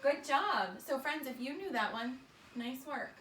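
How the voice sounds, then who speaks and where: A woman teaching young children, her voice fairly high and upbeat as she encourages them and calls them friends. She sounds set back from the microphone in an echoey room. A steady background noise runs under her voice. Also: unhurried. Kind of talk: teaching a small-group lesson. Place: indoor room with children nearby. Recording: roomy, distant, noisy.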